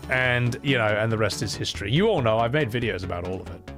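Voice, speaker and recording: A man's voice: lowish voice, fast, music in the background. A man chatting casually on a live stream, loose and swearing freely.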